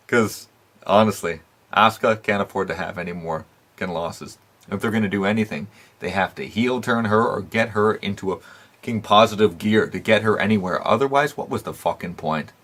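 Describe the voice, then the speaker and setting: A man hosting a wrestling recap show, talking casually and bluntly, swearing constantly between fillers and short laughs. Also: on the low side. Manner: animated rants with frequent fillers and laughs. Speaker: wrestling podcast host.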